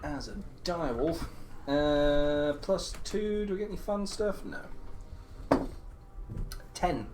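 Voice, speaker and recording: A man playing a tabletop game, playful and quick to laugh. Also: fairly high pitch, expressive, background noise. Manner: giggly, playful. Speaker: player. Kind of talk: tabletop role-play.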